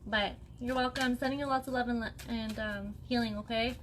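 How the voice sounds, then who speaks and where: A young woman with a fairly high voice gives a casual spirit reading on a live stream. She talks loosely and reassuringly, often pausing to ask "okay?" A faint ambient hum sits under her voice. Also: steady tone. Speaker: psychic medium.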